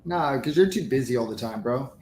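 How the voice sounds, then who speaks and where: A man as a guest telling his story in a relaxed, plain way. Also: medium pitch, a little fast, reverberant, crowd noise. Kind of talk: casual chat.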